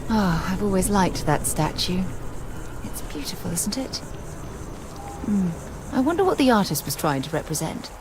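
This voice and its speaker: A woman's voice: lowish voice, expressive, normal speed, pauses often, music in the background, close to an everyday voice. An actress playing a composed, curious woman crew companion in a video game. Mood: musing. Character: calm female starship crew companion, curious and steady.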